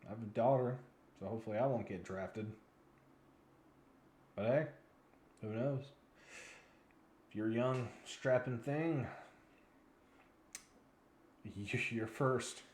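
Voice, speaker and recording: A man's voice: mid-range voice, slow, long pauses, darkish tone, roomy sound, slight background noise. A man in his twenties giving rambling, frustrated commentary as a news vlogger, sounding weary and yawning now and then. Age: 20s.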